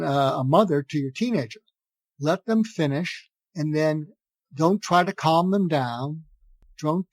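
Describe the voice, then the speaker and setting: Here the older psychiatrist guest speaks on the high side with a darkish tone, recorded with no room sound. He gives earnest, conversational advice on a podcast, often restarting his phrases and playing out example exchanges.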